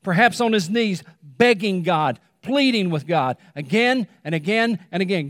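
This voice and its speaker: Male pastor, slightly high voice, dry close mic with long hall tail, dramatic hushed drops, repetitive emphatic sermon delivery. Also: lively intonation. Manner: dramatic pauses, repetition, drops to a hush on key words.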